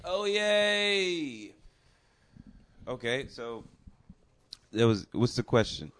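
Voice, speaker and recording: A man's voice: mid-range voice, very animated, drawn-out words, a bit bright. A man co-hosting a podcast, blunt and teasing in casual chat, swearing freely. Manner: blunt, profane, teasing banter. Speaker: podcast co-host.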